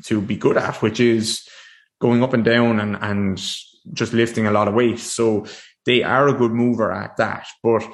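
A man's voice: lowish voice, fairly even intonation, normal speed. A man hosting a solo podcast, talking casually to a screen with frequent restarts and fillers. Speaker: podcast host. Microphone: desk mic facing a screen.

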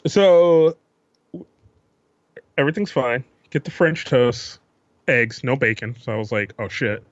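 A man's voice: mid-range voice, lively intonation, unhurried, no echo, highs cut off. A man co-hosting a podcast, rambling through a profane, laid-back story in casual chat. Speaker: podcast co-host.

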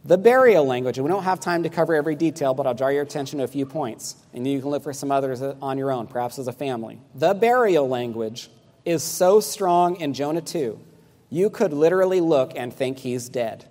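A man's voice: medium pitch, fairly quick, darkish tone. Emphatic male preacher in a reverberant hall. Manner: emphatic preaching, asks the congregation to respond. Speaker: pastor. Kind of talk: sermon.

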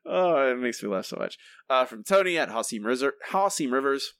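A podcast co-host with a lively, slightly bright voice speaks fairly quickly with hardly any pauses, reading listener answers aloud in casual chat. He stumbles over names, restarts, and jumps into higher voices for the quotes. The recording is dry and studio quality.

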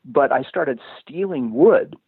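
A man's voice: mid-range voice, lively intonation, slow, vocal fry, slightly rough, dry recording. A man telling a long personal story in a casual, rambling way, often restarting sentences and saying "you know". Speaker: guest telling a life story. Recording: tinny phone-line sound, dry.

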